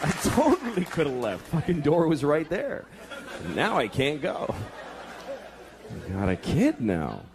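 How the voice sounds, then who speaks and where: Male comic, 30s, crude and exasperated, slightly high voice, live club with laughing crowd and noise. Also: wildly swooping pitch, a little slow, pauses often. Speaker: stand-up comedian. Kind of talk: stand-up comedy routine. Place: comedy club stage with audience.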